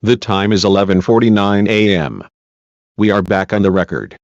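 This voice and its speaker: A low-voiced man reading a court transcript aloud, plain and even. The sound is dull and lo-fi, dry and close. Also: moderate pace, dry recording. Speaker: channel host reading a transcript.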